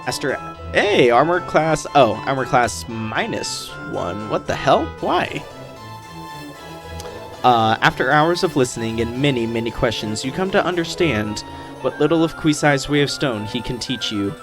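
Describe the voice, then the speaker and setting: A man's voice: medium pitch, lively intonation, normal speed, music in the background. A man casually commenting and thinking aloud while playing a role-playing game. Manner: thinking aloud, puzzled asides. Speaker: let's play host.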